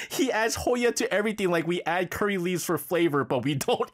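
Radio host, casual chat, lively pitch, teasing, quick to laugh.

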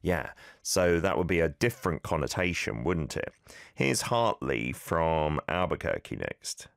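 A man hosting a casual radio language lesson from a studio, animated as he corrects pronunciation with repeated examples. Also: rumbling low, a little slow, vocal fry, no echo. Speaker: radio host teaching Korean.

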